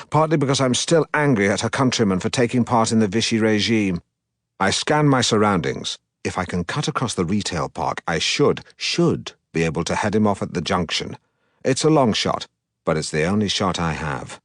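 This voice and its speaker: A man reading an audiobook as a pompous, self-regarding middle-aged broadcaster, in a deadpan, self-important manner. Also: fairly low pitch, normal speed, no echo, studio quality. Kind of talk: audiobook narration.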